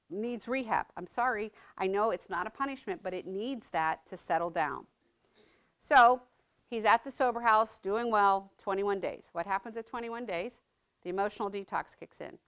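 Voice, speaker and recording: With a mid-range, fairly bright voice, a middle-aged woman delivers a testimony talk about her life as a mother. Conversational and sincere, she repeatedly asks her listeners "right?"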